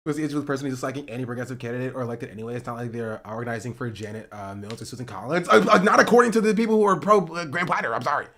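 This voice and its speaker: A man ranting on a livestream about politics. He swears, says "bro" and repeats himself, swinging between loud outbursts and muttering. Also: mid-range voice, expressive, very fast, few pauses. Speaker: streamer. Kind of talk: heated political rant on a livestream.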